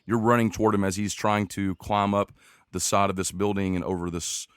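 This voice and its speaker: A man's voice: fairly low pitch, level tone, a little fast, smooth, no room sound, clean studio sound. A man running a tabletop game as game master, narrating the scene in a playful, teasing way.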